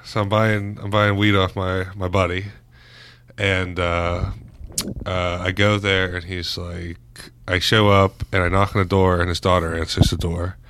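A man's voice: low-pitched, flat delivery, unhurried, fairly bright tone, smooth. A young man co-hosting a podcast, telling crude stories in casual chat and laughing as he goes. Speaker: podcast co-host.

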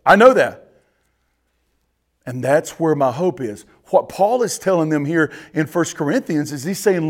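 High-voiced preacher. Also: male voice, animated, measured pace. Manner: preaching with emphatic rises and drops, addressing the congregation directly. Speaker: pastor. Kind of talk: sermon.

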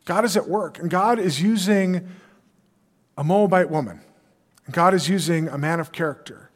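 Male pastor, earnest sermon delivery, somewhat high voice, reverberant church hall. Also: normal speed. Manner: earnest preaching, reads scripture aloud, retells with casual dialogue.

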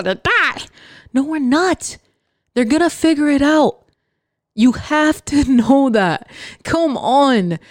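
A woman's voice: on the high side, darkish tone, no room sound, studio quality. A young woman hosting a podcast, giving a blunt, profane motivational rant and mocking doubters. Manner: sarcastic, mocks others in put-on voices; profane and emphatic. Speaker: podcast host.

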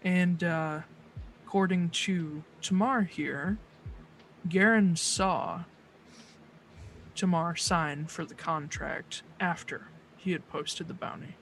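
Someone voicing Zed, a calm probing investigator. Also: mid-range voice, a little hiss or hum, rough recording. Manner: measured, probing questions.

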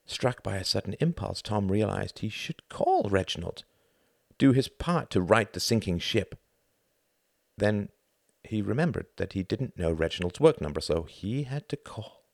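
A deep-voiced man reads a novel aloud, his tone lively and swinging widely. The sound is dry and close to the mic. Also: normal speed, vocal fry, no echo. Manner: expressive, animated reading. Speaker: narrator. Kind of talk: audiobook narration.

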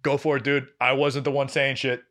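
A man's voice: mid-range voice, moderate pace. A young man, a podcast co-host, telling a story in casual chat, acting out what others said and swearing freely. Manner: animated, acts out quoted voices, laughs and swears freely.

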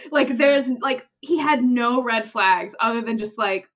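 A young woman chatting on a podcast in a fairly high voice, telling a story with lots of energy and acting out everyone's lines. She laughs often. The sound is dull and lo-fi. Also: a little slow. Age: young adult. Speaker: podcast co-host. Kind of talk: casual chat.

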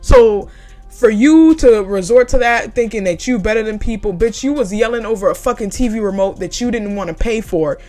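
A woman's voice: on the high side, moderate pace, soft background music. A young woman telling a story about her retail job in a casual, heated rant full of swearing. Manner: profane, heated and animated.

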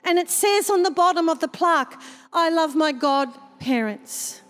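A woman's voice: very high-pitched, lively intonation, a little slow, a bit bright, pitched above the performer's own voice, exaggerated voice. A woman voicing an awestruck young girl who tells her story breathlessly and wide-eyed. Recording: reverberant hall sound.

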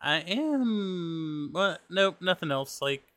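A man co-hosting a casual podcast chat, teasing his friends in relaxed banter. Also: sits high, slow pace. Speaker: podcast co-host. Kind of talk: casual card-game chat.

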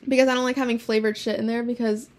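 Fast-talking teenage girl telling stories. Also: a little high, level tone. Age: teens. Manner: fast, profane storytelling with laughs. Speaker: podcast co-host. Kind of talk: casual chat.

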